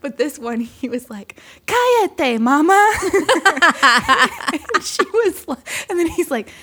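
A woman's voice: high voice, moderate pace, husky. A woman chatting casually, telling stories with lots of laughter and acted-out quotes. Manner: animated storyteller, laughs often, acts out quotes. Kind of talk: casual chat.

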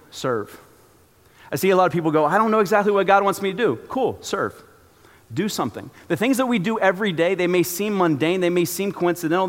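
A man's voice: mid-range voice, in a large hall. A man preaching a sermon as pastor, telling a personal story with acted-out asides.

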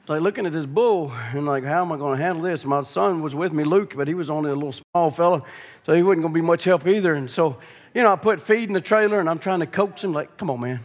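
A male preacher, telling a folksy story in his sermon that builds into shouted preaching. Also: fairly high pitch. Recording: long reverb of a large hall.

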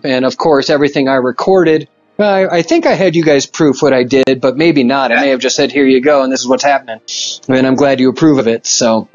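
A man's voice: medium pitch, dull audio. A man in casual podcast chat about recording a record, rambling with many fillers.

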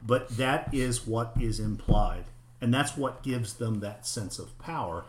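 A middle-aged man in a casual, frank discussion, swearing freely and talking with animated emphasis. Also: medium pitch, unhurried, reverberant, a little hiss or hum. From United States, parents from Oklahoma and Arkansas.

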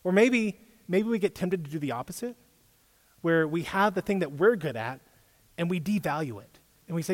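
Higher-voiced man preaching casually in a hall. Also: expressive, normal speed. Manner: conversational, quizzes the audience. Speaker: youth pastor.

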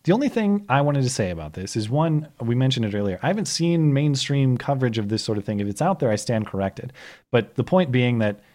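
Man, podcast co-host, measured, hedging, political chat. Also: mid-range voice, very animated, a little mellow. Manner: measured, hedging, invites being proven wrong.

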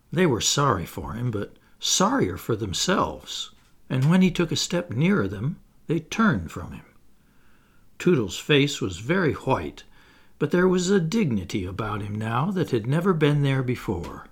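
A man narrates a children's novel slowly. His pitch rises and falls widely, and his tone is a little breathy. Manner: slow, expressive storytelling. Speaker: audiobook reader. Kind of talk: scripted narration.

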